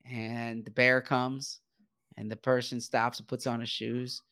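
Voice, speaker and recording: A man's voice: mid-range voice, little pitch movement, measured pace, pushed and bright. Hesitant, stammering man in casual chat. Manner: hesitant, stammering, restarts often.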